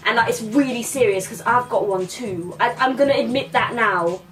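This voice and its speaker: A woman's voice: a little high, normal speed, distant mic, music in the background, lightly acted. A woman playing Bobby, a crude cocky lad. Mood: crude rambling. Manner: rambling, crude, keeps tagging "yeah?" and "mate". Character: cocky young male London lad, crude and boastful. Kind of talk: character comedy podcast. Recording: voice a bit off-mic.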